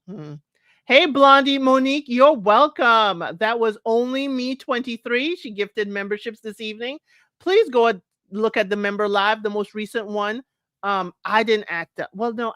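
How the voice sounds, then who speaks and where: A woman hosts a livestream recapping a dating show, giving chatty, opinionated commentary, laughing a lot, repeating points for emphasis, and greeting viewers in the chat. Her mid-range voice is a bit bright. The studio-quality audio has no echo.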